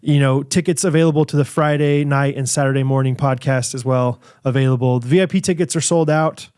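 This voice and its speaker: A man's voice: mid-range voice, steady tone, brisk, darkish tone, clean tone, no room sound, clean studio sound. A man co-hosting a podcast in casual, playful banter. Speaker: podcast co-host. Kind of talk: casual chat.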